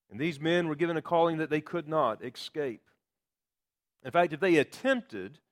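A man preaching a sermon, explaining scripture with emphatic quotations. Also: a little high. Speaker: pastor.

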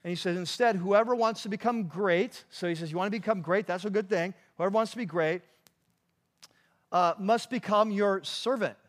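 A man's voice: high voice, normal speed. A man preaching a sermon in a conversational way, with frequent restarts and asides to the congregation. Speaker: pastor.

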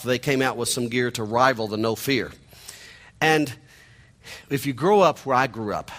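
A man's voice: medium pitch, fairly bright tone. A middle-aged man with a nasal Missouri twang preaching a sermon in a conversational, joking way. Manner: conversational, joking asides to the congregation. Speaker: pastor.

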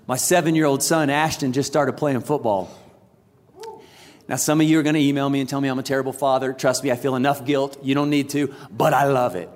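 A man in his thirties preaching a sermon, telling a story with lively animation and acting out the quotes. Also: mid-range voice, a little fast, a little hiss or hum. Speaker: pastor. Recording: large hall with long reverb.

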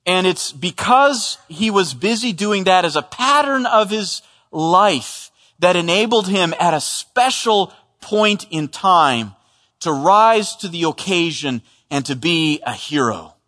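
A man preaching to a congregation in a big church sanctuary, and his bright, forceful voice rings out with a long hall reverb. He speaks in a fairly high register, earnest and emphatic, often doubling back over a word before pressing on. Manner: earnest, emphatic, with frequent restarts and repeated words. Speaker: pastor. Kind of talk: expository sermon.

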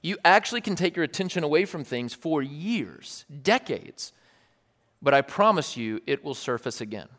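A man preaching a sermon in a church hall, talking casually and earnestly with animated, wry asides. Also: fairly high pitch, moderate pace. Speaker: pastor. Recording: long hall reverb.

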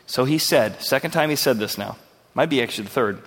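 A man's voice: medium pitch, a little fast, a bit bright, breathy edge, big-room sound. A male pastor preaching a verse-by-verse sermon in an earnest, conversational way, asking his listeners questions.

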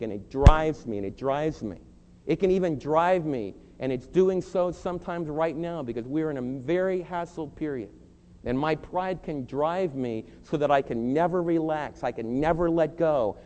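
Earnest middle-aged preacher, mellow, hall reverb. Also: male voice, a little high. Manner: earnest, emphatic preaching with confessional asides. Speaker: pastor. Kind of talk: sermon. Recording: long hall reverb, faint hum.

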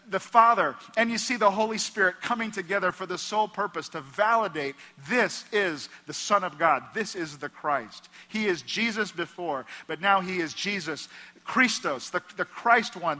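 A man with a bright, forceful voice preaching in a church sanctuary, his words ringing through a long hall reverb. He delivers the sermon with passion, dropping down low and quiet whenever he quotes someone. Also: expressive, normal speed. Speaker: pastor.

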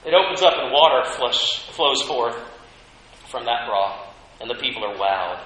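A man preaching a sermon as pastor, telling a Bible story with animated voices for the complaining people. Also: medium pitch, unhurried, very echoey, rough recording.

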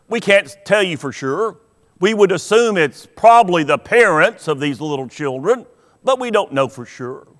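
High-voiced slow pastor in an echoing church. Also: male voice, fairly bright tone. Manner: storytelling, asks the congregation questions. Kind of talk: sermon. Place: church sanctuary. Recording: long hall reverb of a church.

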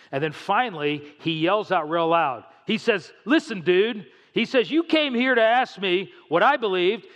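A man preaches a sermon from the pulpit, telling stories with animation and acting out the voices of the people he quotes. His voice sits a little high. It rings with the long reverb of a church sanctuary. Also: a bit bright. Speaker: pastor.

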